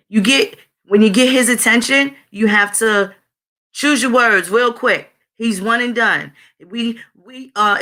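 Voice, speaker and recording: A woman's voice: mid-range voice, bright, forceful tone. A woman hosting her own channel in a blunt, profane, conversational monologue, talking straight to her viewers. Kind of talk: casual spoken monologue.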